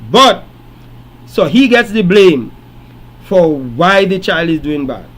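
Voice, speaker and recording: A man's voice: high-pitched, sing-song, slow, low-quality recording. A man hosting a late-night call-in radio show, telling stories and lecturing emphatically. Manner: preachy storytelling, rising to emphatic lecturing.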